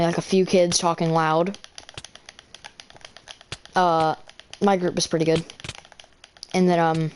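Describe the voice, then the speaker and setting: A woman's voice: on the low side, a little mellow, a little hiss or hum. A teenage girl casually telling a long school story while playing a game, rambling with lots of fillers and restarts. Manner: rambling, filler-heavy, self-correcting.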